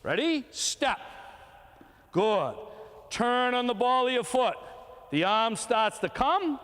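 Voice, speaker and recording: Older coach, lively high voice, echoing hall. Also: male voice, slow pace, clear, resonant tone. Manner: encouraging, giving short repeated commands. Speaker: youth baseball coach. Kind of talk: coaching a throwing drill. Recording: long reverb from a hall.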